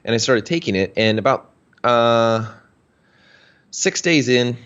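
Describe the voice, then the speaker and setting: A man's voice: mid-range voice, expressive, measured pace, a bit bright, clean tone, muffled recording. A man casually telling a long personal story in an interview, chatty and full of fillers. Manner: chatty, anecdotal, many fillers. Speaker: health practitioner.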